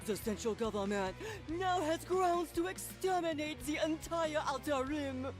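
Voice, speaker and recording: A woman's voice: high-pitched, expressive, unhurried. A woman voicing a courteous, powerful man with a French accent in a game. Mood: grave. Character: strong, polite French man with crushing grip. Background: game music.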